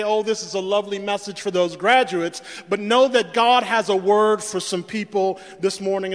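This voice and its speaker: A male pastor preaching a sermon, stumbling over repeated words and acting out the voices of the scripture. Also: high voice. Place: church sanctuary. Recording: long reverb in a church hall.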